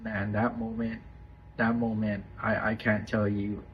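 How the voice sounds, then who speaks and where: A man co-hosting a faith podcast, talking in a reflective, halting way and repeating words as he searches for them. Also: fairly low pitch, little pitch movement. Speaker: podcast co-host. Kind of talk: casual faith podcast chat. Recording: dull, slightly noisy recording.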